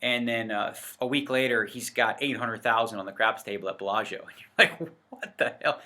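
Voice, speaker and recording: Talking fairly quickly in a low, steady voice that still sounds bright and forceful, a man rants to camera for his poker vlog. He's indoors in front of a set backdrop, rambling casually with many fillers and self-corrections.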